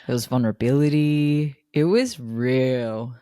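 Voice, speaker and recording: A woman's voice: rumbling low, measured pace, mellow, clear, resonant tone, no room sound. A young Australian woman co-hosting a podcast, with a dry, teasing manner. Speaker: podcast co-host. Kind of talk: casual chat.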